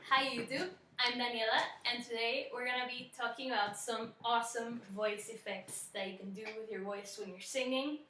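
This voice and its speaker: A young woman explaining singing techniques in a brisk, explanatory vocal tutorial. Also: on the high side, fairly even intonation, reverberant, recorded from a distance. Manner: brisk and explanatory, demonstrates effects with her voice. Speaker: singing teacher.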